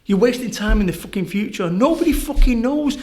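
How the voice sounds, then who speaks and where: A middle-aged man with a Northern English accent, a podcast guest telling stories in a blunt, swearing, animated way. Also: high-pitched, fairly quick, slight background noise. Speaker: podcast guest, motivational speaker. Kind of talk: casual conversational interview.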